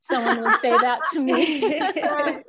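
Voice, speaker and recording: A woman's voice: high voice, slow, heavy background noise. A woman co-hosting a podcast discussion, attentive and affirming, summarizing ideas from a book. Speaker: podcast co-host. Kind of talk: casual panel discussion.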